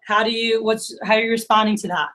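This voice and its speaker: A young woman leading a sales training workshop, talking fast and acting out little exchanges with her reps. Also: fairly high pitch, poor audio. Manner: animated, acts out quoted dialogue.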